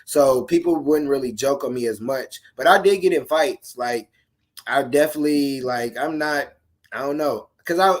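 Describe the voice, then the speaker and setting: A man in a relaxed conversation, speaking bluntly with lively, colloquial storytelling. His voice sits at an ordinary middle pitch. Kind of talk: casual conversational chat.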